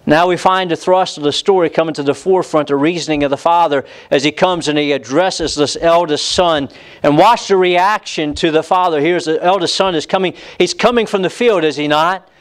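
A man's voice: a little high, brisk, smooth, rough recording. A pastor preaching an impassioned sermon, acting out the voices of the people in the story he tells.

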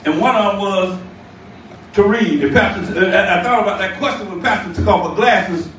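Bishop preaching, very high bright voice, booming hall echo, mic far off. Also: male voice, normal speed, slight background noise. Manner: shouting, call-and-response preaching. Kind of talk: sermon. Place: church sanctuary. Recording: echoey church room, distant mic.

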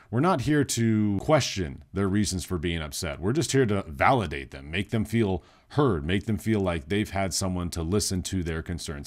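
A man's voice: low voice, darkish tone. A man who works as a nurse in behavioral health, explaining in a casual, plain-spoken way. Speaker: psychiatric nurse. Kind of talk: instructional video talk.

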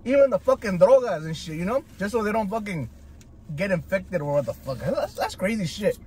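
A man's voice: high voice, a little fast, slightly rough. A man, chatting in a car as a food vlogger, ranting with slang, swearing and Spanish asides. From Southern California. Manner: animated, slangy, switches into Spanish. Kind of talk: profane ranting chat while eating. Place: inside a parked car.

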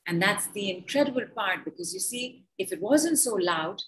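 A woman, a healer guiding a breathing exercise and then giving a talk in a slow, deliberate, soothing way. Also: mid-range voice, lively intonation, poor audio. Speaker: healer and guest speaker. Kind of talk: guided healing session and talk.

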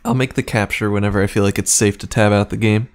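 A man's voice: lowish voice, fairly even intonation, fast. A man streaming a horror game, chatting casually and reacting aloud as he plays, swearing now and then. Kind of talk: casual gameplay commentary.

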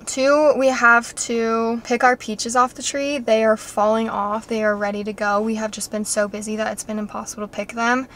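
A young woman talking casually to her vlog audience, chatty and excitable, rambling from one plan to the next. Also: a little high, normal speed, few pauses. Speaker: vlogger.

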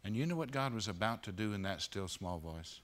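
A man preaching a sermon at a conference, moving between loud emphatic peaks and hushed low passages. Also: animated, a little fast. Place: conference auditorium.

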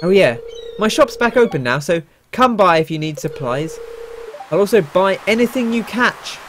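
A man voicing a gruff old male fisherman in a put-on pirate accent, reading game dialogue. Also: sits high, animated, normal speed, slight background noise. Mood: folksy.

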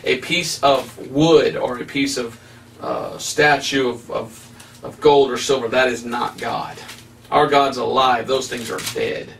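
A man's voice: mid-range voice, steady tone, takes it slowly, vocal fry, a bit bright, a little hiss or hum. Emphatic preaching man, slightly distant mic. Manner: emphatic, preacherly, with rising stresses. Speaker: evangelist. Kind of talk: preaching Bible study.

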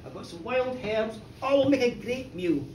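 A man voicing a gentle, serene ghost wife who talks in a homely, soothing way. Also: very high-pitched, expressive, moderate pace. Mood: cheerful. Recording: echoey bar, distant mic, faint noise.

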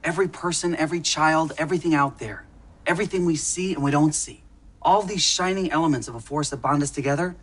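A man acting as a patient, gently persuasive middle-aged teacher in a sitcom classroom scene, lecturing his students. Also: fairly high pitch, fast. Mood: earnest.

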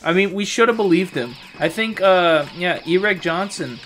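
A man's voice: sits high, animated, normal speed, fairly bright tone, soft background music. A man co-hosting a crude comedy gaming show, rambling through profane tall tales. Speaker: co-host.

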